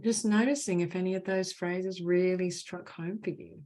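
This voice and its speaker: A woman speaks in a low, calm voice as she guides listeners through a healing session. She sounds gentle and affirming, and she often checks in with a soft "right?". She comes across as a spiritual mentor talking on an online call. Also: moderate pace. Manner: gentle, soothing, affirming, with many "right?" tags. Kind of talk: guided group clearing session. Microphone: online video call.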